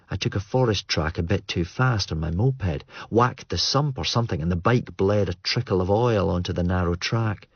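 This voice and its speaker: A man reading a novel aloud in measured, understated narration. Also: low-pitched, husky, no echo, highs cut off. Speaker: audiobook narrator. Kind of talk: scripted narration.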